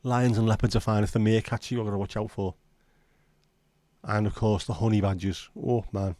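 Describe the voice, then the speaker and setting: Scouse man chatting casually, low voice. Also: level tone, normal speed, mellow, no echo. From Liverpool, England. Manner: rambling, chatty, sweary banter reading out chat. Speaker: livestream host. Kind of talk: casual livestream chat.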